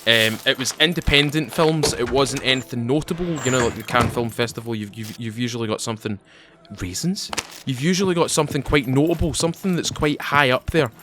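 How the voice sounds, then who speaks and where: A man's voice: mid-range voice, a little fast, background noise. A young man playing a survival game, telling a long rambling story and often breaking off to comment. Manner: chatty, digressive, self-interrupting, animated. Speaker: gaming YouTuber. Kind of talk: rambling let's-play storytelling.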